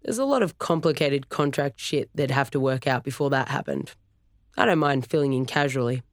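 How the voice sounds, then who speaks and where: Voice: mid-range voice, a little fast, no room sound, studio quality, lightly acted. A narrator voicing a laid-back young musician son who talks bluntly in slang in a storybook reading. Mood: casual.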